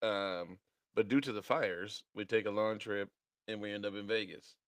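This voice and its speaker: A man's voice: lowish voice, steady tone, normal speed, no echo. A man co-hosting a podcast, telling a story in a casual chat, laughing often and acting out the voices of the people in it. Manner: laughing storyteller, acts out dialogue. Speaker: podcast co-host.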